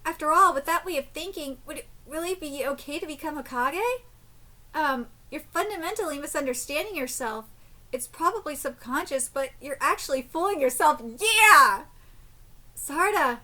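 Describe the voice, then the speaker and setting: A woman live-streaming a manga reaction. She reads translated lines aloud in a quieter voice and breaks into shrieks, laughter and casual swearing as she reacts. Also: high-pitched, expressive, moderate pace.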